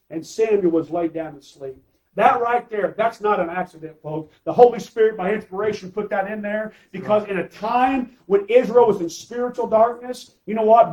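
Male pastor with a high voice, emphatic sermon with rhetorical questions. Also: a little mellow, highs cut off.

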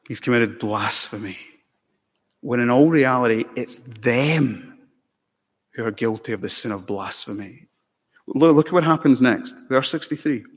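Impassioned male preacher in a reverberant hall. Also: mid-range voice. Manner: dramatic, impassioned preaching with emphatic rises and slow solemn stretches. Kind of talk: sermon. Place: church sanctuary.

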